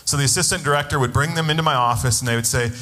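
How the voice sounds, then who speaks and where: A man's voice: medium pitch, very fast, bright, forceful tone, big-room sound. A man preaching a sermon as a pastor, telling a personal story and acting out the voices of the people in it. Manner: storytelling, acts out quoted voices.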